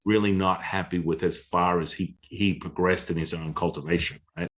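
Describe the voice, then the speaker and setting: A man, a Taoist teacher, telling stories from his past in a casual, animated conversation, acting out voices and swearing casually. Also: sits low, moderate pace.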